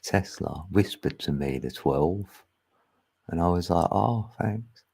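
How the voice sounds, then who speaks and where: A livestream host rambles through a chatty monologue, laughing often and thinking out loud. His voice is low, darkish and slightly rough, and he speaks at a measured pace.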